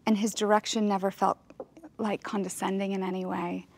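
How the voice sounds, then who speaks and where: Thoughtful woman with a creaky voice. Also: mid-range voice, level tone. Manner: thoughtful, halting, with many restarts. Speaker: actress, roundtable guest. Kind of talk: casual roundtable conversation. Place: studio with a group of guests.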